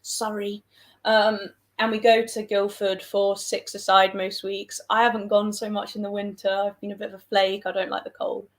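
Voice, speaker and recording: Young woman, southern English accent, mid-pitched, chatty livestream host who rambles and jokes at her own expense. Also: little pitch movement, moderate pace. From England. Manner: chatty, rambling, self-deprecating, reads out viewer comments. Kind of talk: casual livestream chat.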